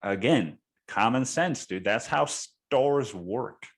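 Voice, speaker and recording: A man's voice: medium pitch, lively intonation, takes it slowly. A man hosting a podcast, telling a story in a casual, profane way and saying "dude" often. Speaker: podcast host.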